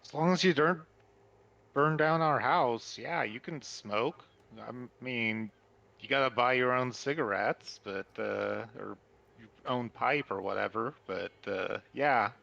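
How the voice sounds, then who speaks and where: A man's voice: mid-range voice, a little slow, creaky, bright, forceful tone, muffled recording. A man speaking in character as a player in a tabletop game, bargaining in a casual, rambling way. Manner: bargaining, casual, filler-heavy. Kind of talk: in-character tabletop role-play.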